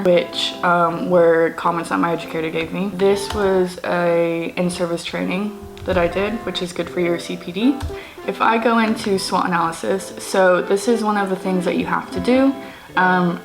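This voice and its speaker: A young woman, a physiotherapy student, chatting casually to camera in a vlog, full of fillers. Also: fairly low pitch. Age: young adult. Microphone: camera and phone cam. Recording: music bed under the voice.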